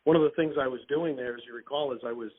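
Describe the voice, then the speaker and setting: A man speaking quickly and eagerly in casual conversation, his voice a little husky. The sound comes through a thin, phone-like call line. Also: mid-range voice. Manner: eager and excitable. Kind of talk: excited conversational chat. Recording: tinny phone-like call audio.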